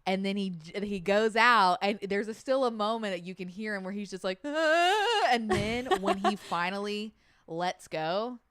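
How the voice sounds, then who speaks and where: Young woman cohost chatting casually, swears a lot, laughs thru stories, smooth voice, dry close mic. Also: medium pitch, normal speed, no room sound. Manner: animated, swears often, laughs while telling stories. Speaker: podcast co-host. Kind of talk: casual chat.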